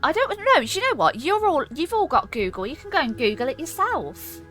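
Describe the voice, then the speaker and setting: A woman's voice: high-pitched, big pitch swings, normal speed, a bit bright, soft background music. A woman streaming a game, chatting playfully with her viewers and joking around. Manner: playful, giggly, chats to viewers. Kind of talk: casual gaming stream chat.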